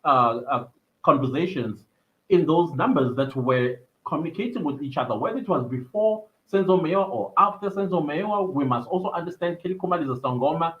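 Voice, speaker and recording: A young South African livestream host talks briskly in an expressive, slightly high voice, laughing often as he casually chats and reads comments from viewers. Recorded on a computer mic, the stream audio is lo-fi and slightly dull.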